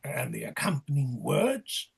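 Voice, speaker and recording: An actor reading the part of a wry, mocking male clown in a play rehearsal. His voice is gravelly and husky, and he teases and directs the king. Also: medium pitch, sing-song, measured pace, exaggerated voice. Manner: teasing, directive, sardonic.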